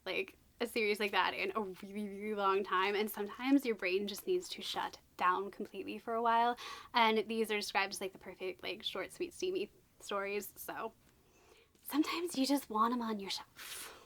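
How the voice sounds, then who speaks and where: A woman's voice: mid-range voice, moderate pace, fairly bright tone. A woman vlogging a book unboxing in a chatty, gushing way, full of exclamations and asides.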